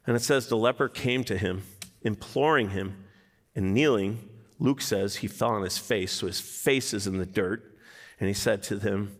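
Brief: male pastor, lively sermon delivery with acted-out quotes, echoing church sanctuary. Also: on the low side, normal speed. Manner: animated, acts out quotes in character voices.

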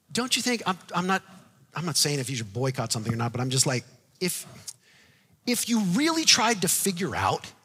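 A male pastor preaching a sermon in a conversational way, moving from hushed, quiet asides to loud, fervent declarations. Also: mid-range voice, breathy edge, long reverb tail. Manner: conversational, with restarts and "like" fillers.

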